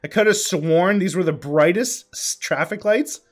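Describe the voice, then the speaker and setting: Young man, storytime vlog, fairly high voice, chuckles through his sentences, cusses a lot, faint music underneath. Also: moderate pace. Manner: laughs often mid-sentence, swears freely; lots of ums and uhs. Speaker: vlogger. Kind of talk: casual storytime.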